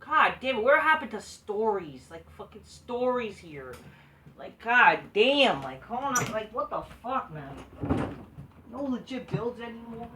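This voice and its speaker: A woman's voice: fairly high pitch, very animated, unhurried, far from the mic, background noise. A woman reviewing a wrestling show in a profane, exasperated rant, swearing constantly and mocking wrestlers in sing-song quotes. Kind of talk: profane ranting commentary.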